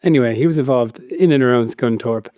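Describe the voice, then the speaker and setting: Brief: male podcast co-host, mellow tone, dry close sound, curious and quick to laugh. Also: medium pitch, no room sound. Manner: curious, laughs often, retells stories. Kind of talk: casual chat.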